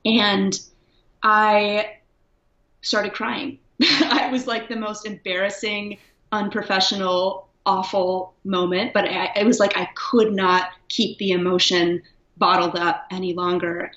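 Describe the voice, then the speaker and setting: A woman's voice: medium pitch, fairly even intonation, slow pace, a bit bright. A woman guest speaking candidly and reflectively in a casual interview, laughing now and then. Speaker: guest, writer. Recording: echoey, dull lo-fi sound.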